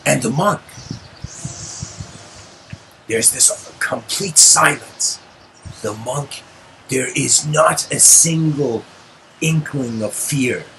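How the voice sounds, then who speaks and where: A man's voice: mid-range voice, sharp tone, slight background noise, low-quality recording. Rambling male lecturer telling a story. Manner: rambling, lots of fillers and asides. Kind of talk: casual spoken storytelling lecture.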